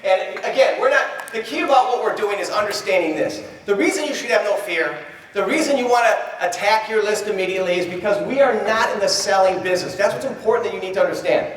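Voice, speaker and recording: A man giving a live motivational seminar talk, animated, acting out little dialogues and quizzing the crowd. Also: high-pitched, fast talker, slight background noise. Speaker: motivational trainer. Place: large event hall. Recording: echoey hall from far off.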